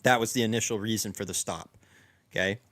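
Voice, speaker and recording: A man's voice: lowish voice, brisk. Rambling man telling a story. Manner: rambling, animated, many restarts and fillers. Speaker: podcast co-host. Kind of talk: casual storytelling.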